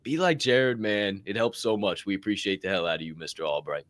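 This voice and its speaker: A man hosting a podcast, giving energetic shout-outs in casual chat, swearing freely and whooping. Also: fairly low pitch, brisk, no room sound. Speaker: podcast host.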